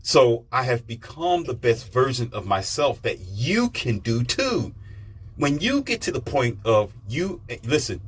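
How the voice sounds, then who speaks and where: A man's voice: medium pitch, sing-song, measured pace, fairly bright tone, breathy edge. A man hosting his own audio show, talking in an emphatic, preachy monologue that repeats phrases and speaks straight to the listener, with an American accent. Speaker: podcast host. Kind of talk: motivational monologue.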